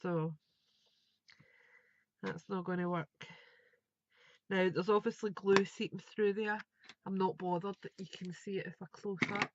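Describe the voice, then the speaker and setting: A woman's voice: mid-range voice, steady tone, measured pace, pauses often, lo-fi sound, background noise. A woman, chatting and thinking aloud as she demonstrates a craft project live. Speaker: craft tutor.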